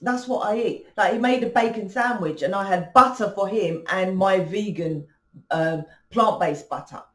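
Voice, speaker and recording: A woman's voice: mid-range voice, normal speed, fairly bright tone, roomy sound. A woman hosting a spiritual channel, talking casually and rambling with many restarts and fillers. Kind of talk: casual spiritual talk to camera.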